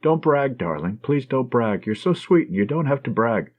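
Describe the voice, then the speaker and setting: A man reading an audiobook, voicing a teasing, affectionate young woman nurse in a husky, slightly raised voice that swings lively up and down, on a dull lo-fi recording. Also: mid-range voice, normal speed. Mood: tender.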